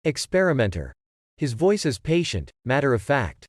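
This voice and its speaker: A man's voice: mid-range voice, huge pitch swings, normal speed, dry recording, clean studio sound. Man reading stage directions aloud. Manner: reads stage directions plainly. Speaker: reader.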